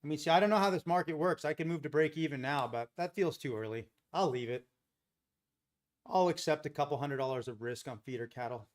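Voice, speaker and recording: Guy talking through futures trades live, chatty, bit high voice, thinks out loud. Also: a little fast. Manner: chatty, thinks aloud, jokes with chat. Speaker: day trading livestream host. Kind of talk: live trading commentary.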